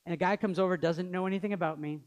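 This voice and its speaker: A man in his thirties preaches as a pastor at a racing pace, his high voice keeping fairly even intonation. He earnestly tells stories and acts out their dialogue.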